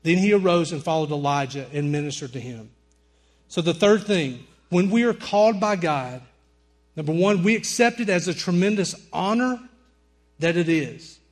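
A middle-aged man preaching a sermon, telling personal stories and softly quoting the people in them. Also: high voice. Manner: storytelling preacher, quotes people in softer voices. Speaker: pastor.

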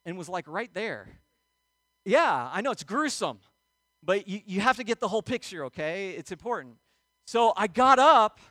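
A middle-aged male pastor telling a personal story in a sermon, animated and acting out moments, often checking in with "okay?". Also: high voice, dry recording. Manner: animated storyteller, acts out yelling, frequent "okay?" check-ins.

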